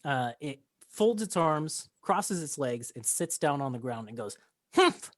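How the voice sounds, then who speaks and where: A woman's voice: sits low, lively intonation, unhurried, dry recording. A woman narrating as game master in a chatty, giggly way, with many fillers.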